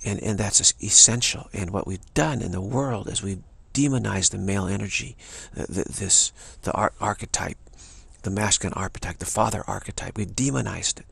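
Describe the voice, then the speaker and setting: A man's voice: lowish voice, normal speed, gravelly, a bit bright, slightly rough, no echo. A man giving an emphatic spiritual talk, repeating and restarting phrases as he presses his point. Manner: emphatic, repetitive, many restarts. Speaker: spiritual teacher.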